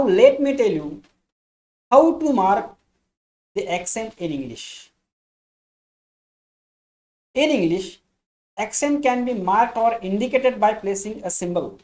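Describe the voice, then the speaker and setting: A woman's voice: mid-range voice, darkish tone. A woman gives an English lesson in an explanatory lecture style. She repeats key phrases for emphasis and calls her listeners friends. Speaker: English teacher.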